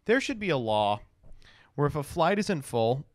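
A man's voice: on the high side, sing-song, normal speed, dry recording, studio quality. A man in his twenties, a law student, telling a rambling, joking, profane travel story. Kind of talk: casual storytelling recap.

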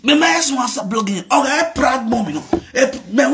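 A man's voice: extremely high pitch, expressive, normal speed, hardly any pauses, fairly bright tone. Playful Nigerian man in mocking sing-song. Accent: Nigerian Pidgin. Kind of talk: casual gossip chat.

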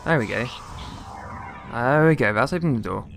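A man's voice: medium pitch, expressive, moderate pace, gravelly, fairly bright tone, slight background noise. Guy doing a let's play, chatty and rambly, jokey grumbling, ordinary mid voice. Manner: rambling, jokey, mock-outraged asides with mild swearing. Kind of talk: casual gameplay commentary.

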